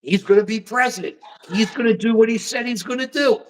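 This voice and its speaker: A man's voice: extremely high pitch, brisk. American man, livestream host, casual rambling political chat, folksy slang. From United States.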